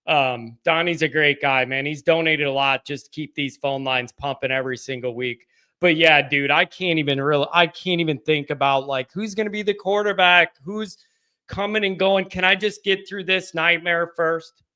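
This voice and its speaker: A man hosting a live call-in fan show, talking in a subdued, halting way with frequent restarts as he reads out donations. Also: fairly high pitch, fairly even intonation, bright, forceful tone, clean tone. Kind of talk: casual live-stream chat, reading donations.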